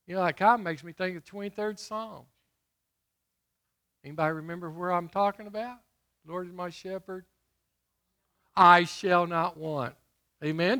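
A middle-aged man preaching a sermon, emphatic, throwing questions to his listeners and slowing to stress scripture. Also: high voice, sharp tone.

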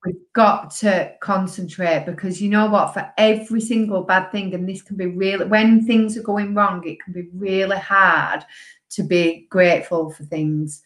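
A woman's voice: medium pitch, fairly even intonation, normal speed. A woman, a guest on a recovery podcast, speaking in an upbeat, emphatic way and repeating words for stress. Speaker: guest, sobriety coach. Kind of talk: casual podcast chat. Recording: echoey room.

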